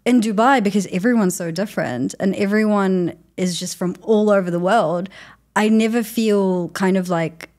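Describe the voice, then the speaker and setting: A woman's voice: mid-range voice, normal speed, a little mellow. A young woman from New Zealand, a guest in a casual interview, chatting with frequent fillers and laughter.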